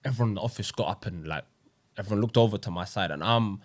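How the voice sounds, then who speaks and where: A man's voice: on the low side, quick pace. A young man, a podcast co-host sharing a personal story in earnest, slang-filled casual chat. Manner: earnest, slang-filled, says wallahi often.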